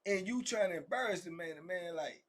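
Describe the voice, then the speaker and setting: A man with a Southern US accent telling a prison story in a casual, animated way, acting out the men's voices. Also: brisk. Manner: acts out the men's voices, rising high and loud for quoted shouting. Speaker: storyteller sharing prison stories.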